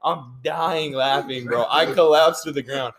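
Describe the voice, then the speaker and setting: A man's voice: on the high side, unhurried, crowd noise. A young man, telling a funny family story in loose slang and laughing often. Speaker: podcast co-host. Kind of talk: casual storytelling chat.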